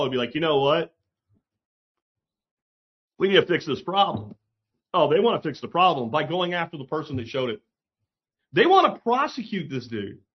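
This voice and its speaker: This commentary host has a high, breathy voice, heard through a muffled recording. His casual opinion monologue is blunt and sarcastic, full of swearing and emphatic asides.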